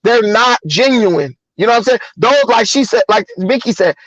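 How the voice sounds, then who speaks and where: High-voiced man in animated commentary. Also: moderate pace, no echo. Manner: animated, repetitive, acts out quoted voices. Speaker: show host. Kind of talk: casual commentary chat. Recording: dull lo-fi dry sound.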